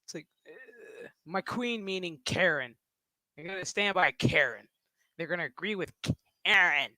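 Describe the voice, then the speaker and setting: A man's voice: high voice, normal speed, pushed and bright, no echo. A man streaming live, ranting casually in a crude, mocking way and often breaking into laughter. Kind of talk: casual livestream rant.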